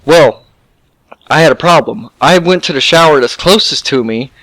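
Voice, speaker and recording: A man's voice: fairly high pitch, moderate pace, dry recording, rough recording. Young man telling a rambling story. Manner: animated, rambling, profane. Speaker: gaming YouTuber. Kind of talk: casual storytelling vlog.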